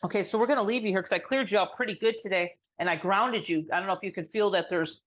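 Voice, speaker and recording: A woman leads an energy healing session over a video call, her voice soothing and drawn out as she works. She speaks at an ordinary middle pitch, and the sound is a little dull and lo-fi. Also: quick pace, a bit bright. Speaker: sound healer.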